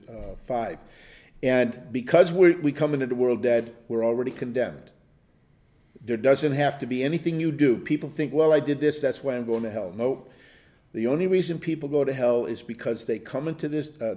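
An older man's mellow, medium-pitched voice guides a conversational Bible study. He rambles through stories, chuckles along the way, and restarts many times.

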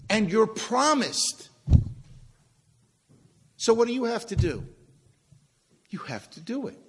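A man's voice: sits high, long reverb tail. A pastor preaching a sermon to his congregation in a conversational way, asking them questions as he goes. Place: church sanctuary, also streamed online.

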